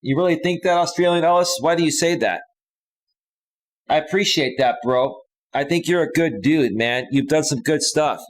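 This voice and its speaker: With a fairly high-pitched voice and moderate pace, this streamer keeps things relaxed, reading out donations and comments from viewers as he chats. "Bro" and "man" come up often.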